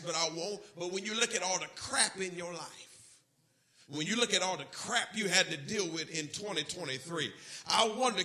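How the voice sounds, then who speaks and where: A man's voice: sits high, pushed and bright. A man preaching a church sermon, telling homely stories and speaking straight to his congregation. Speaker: pastor. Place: church service.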